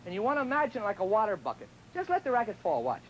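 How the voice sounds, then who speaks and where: A man's voice: high voice, wildly swooping pitch, racing, slight background noise, rough recording. A man teaching tennis on a TV show in a chatty, joking way, sometimes acting out what his students say. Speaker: tennis instructor. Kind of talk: televised tennis lesson.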